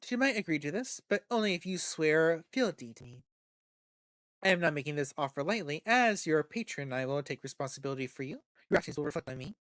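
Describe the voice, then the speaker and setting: A poised female vampire patron who speaks in a measured, coolly confident way, offering her terms calmly, as a game streamer reads her lines aloud. The voice stays in a middle register. The sound is dry and close, with no room echo. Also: medium pitch, lightly acted. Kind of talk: reading game dialogue aloud.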